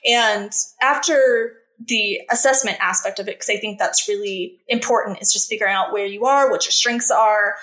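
A woman's voice: medium pitch, normal speed, few pauses, fairly bright tone. A woman guest on a podcast, telling her personal story candidly, earnest and emphatic, rising sharply when she relives her anger. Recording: roomy echo.

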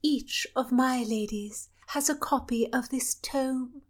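A woman voicing a playful, flighty young princess in a storybook reading, with a cooing, dreamy, drawn-out delivery. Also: high-pitched, voice pushed up.

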